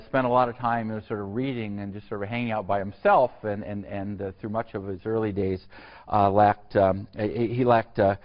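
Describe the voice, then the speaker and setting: Halting man lecturing, dull lo-fi sound. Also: mid-range voice. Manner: halting and digressive, heavy with fillers and restarts. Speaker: university history lecturer. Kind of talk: classroom lecture. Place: lecture hall.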